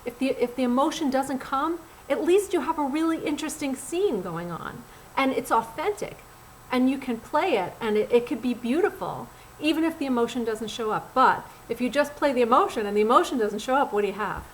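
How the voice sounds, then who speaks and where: A middle-aged woman, a casting director and acting coach, giving acting tips straight to camera in a blunt, animated, conversational way. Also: high-pitched, brisk, slight background noise, poor audio. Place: Los Angeles.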